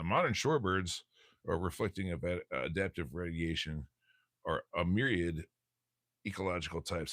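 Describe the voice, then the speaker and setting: A man's voice: low voice, fairly bright tone, no room sound, clean studio sound. A man hosting a casual livestream, reading aloud from a bird textbook, stumbling over words and cracking jokes as he goes. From United States.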